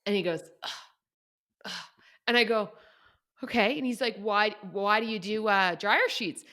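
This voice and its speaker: A young adult woman with a mid-range voice co-hosts a podcast, chatting casually at a moderate pace. She's an animated storyteller who quotes other people and laughs often as she tells her tale.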